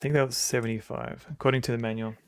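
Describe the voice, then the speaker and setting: A man's voice: mid-range voice, steady tone, fast, no room sound. A man streaming a computer game, thinking aloud hesitantly and reading the game's text out. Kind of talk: casual gameplay commentary.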